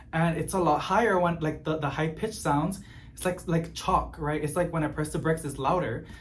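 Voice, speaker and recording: A man telling a story in casual chat, expressive and growing exasperated as he vents. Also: on the high side, moderate pace. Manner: expressive, gets animated and exasperated while venting. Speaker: plant vlogger.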